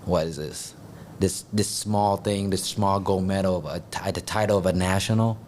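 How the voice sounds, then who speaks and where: A man talking in a podcast conversation, halting and searching for words as he goes. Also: deep voice, fairly even intonation, darkish tone, a little hiss or hum. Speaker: podcast guest and grappling competitor.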